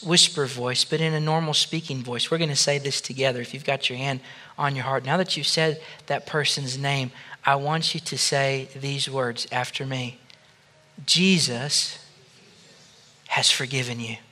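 A man, a pastor, leading a congregation through a slow, gentle guided prayer of forgiveness. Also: medium pitch, fairly even intonation. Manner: soft, slow prayerful guidance that rises to loud praise.

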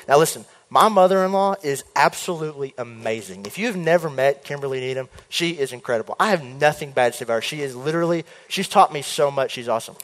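A young man telling a long personal story in a sermon, chatty and animated, often acting out what people said. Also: mid-range voice, fast talker, few pauses. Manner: animated, chatty, jumps into quoted voices. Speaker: preacher. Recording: hall reverb.

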